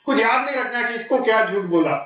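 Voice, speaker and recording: A man's voice: very high voice, expressive, racing. Joking Indian man in echoey hall. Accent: Indian English. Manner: playful, joking, quizzing the audience. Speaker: guest speaker. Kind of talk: motivational talk to students. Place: large lecture hall. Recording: echoey hall, distant dull mic.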